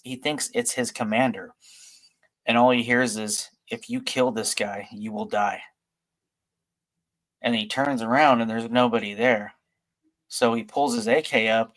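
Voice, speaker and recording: A man hosting a podcast, retelling a story in a loose, casual way with many fillers and restarts. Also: medium pitch. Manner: rambling, filler-heavy retelling. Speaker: podcast host.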